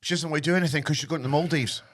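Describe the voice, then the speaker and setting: A man's voice: fairly high pitch, fairly even intonation, very fast, a bit bright. A Scottish man co-hosting a radio football show, chatting casually with mock outrage at his co-hosts. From Scotland. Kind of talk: casual chat.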